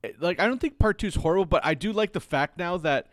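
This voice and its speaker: A man in a casual movie chat, nitpicky and animated, swearing freely. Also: sits high, fast, dry recording, clean studio sound.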